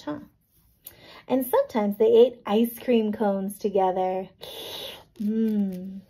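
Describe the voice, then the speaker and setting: A woman teacher reading a picture book to children, gently explaining and checking in with little questions. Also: mid-range voice, fairly even intonation, slow pace, long pauses, a little hiss or hum, rough recording. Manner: gentle, checks in with "right?" and "okay?".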